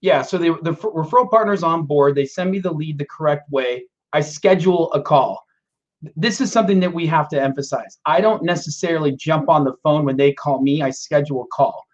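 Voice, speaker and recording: A man's voice: fairly high pitch, lo-fi sound. A man on a podcast explaining his work step by step, acting out his calls with clients. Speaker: loan officer, podcast regular. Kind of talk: casual podcast talk.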